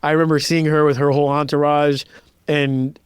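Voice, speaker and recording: A man's voice: a little high, flat delivery, fairly quick, smooth, no room sound. A man in his thirties, a composer and pianist being interviewed, telling stories in a casual, reflective way and filling his speech with "like". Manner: casual, reflective, many "like" fillers, acts out quoted voices. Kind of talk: relaxed interview storytelling.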